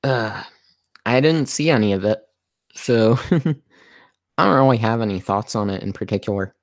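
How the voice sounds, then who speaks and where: Male livestream host, low-pitched and hoarse, halting delivery, dry close recording. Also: animated, dry recording. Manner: halting, many fillers and restarts. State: losing his voice. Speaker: livestream host answering viewer questions. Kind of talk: casual livestream chat.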